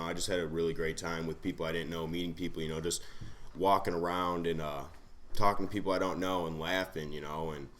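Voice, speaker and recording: A man sharing at a recovery meeting, halting and filling gaps with "you know" and "uh". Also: rumbling low, fairly bright tone, slight background noise. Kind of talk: personal sharing.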